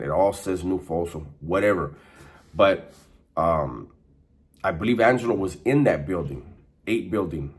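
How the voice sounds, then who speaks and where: A man casually recounting his time in prison, with streetwise slang and a profane, rambling style. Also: low-pitched. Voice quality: profane, conversational. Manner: streetwise slang, frequent restarts and fillers. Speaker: former inmate telling prison stories. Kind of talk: casual storytelling monologue.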